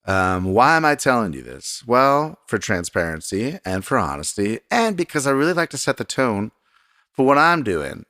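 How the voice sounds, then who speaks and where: A man's voice: mid-range voice, very animated, moderate pace, pushed and bright, no echo, clean studio sound. A man hosting his own podcast alone at his desk at home, talking in a rambling, self-deprecating way. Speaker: podcast host. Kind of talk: casual solo podcast monologue. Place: desk in a home recording room.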